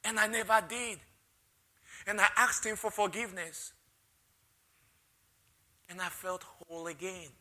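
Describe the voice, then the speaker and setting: Bright high-voiced man preaching. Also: measured pace, pauses often. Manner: emotional storytelling, rising loud on key phrases. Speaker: pastor. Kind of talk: sermon with personal testimony.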